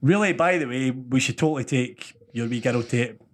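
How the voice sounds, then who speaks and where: A man's voice: medium pitch, brisk. A Scottish man co-hosting a podcast, telling stories in casual chat, swearing and laughing often. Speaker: podcast co-host.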